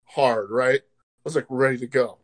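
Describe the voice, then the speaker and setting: A man telling a story in casual podcast chat, animated, swearing and laughing, acting out quotes loudly. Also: medium pitch, moderate pace.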